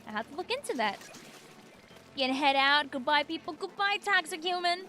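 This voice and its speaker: High-voiced chatty woman with a Long Island accent. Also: expressive, a little fast, pushed and bright, slight background noise. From New York, USA. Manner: chatty and rambling, answers chat messages aloud. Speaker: streamer. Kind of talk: casual livestream chat while gaming.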